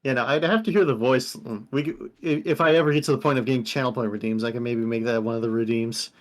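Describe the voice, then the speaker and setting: Woman, very deep voice, scraggly, rough, laid-back, chuckling, casual stream chat. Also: fairly even intonation, quick pace. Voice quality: scraggly, rough voice that sounds sick. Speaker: guest streamer.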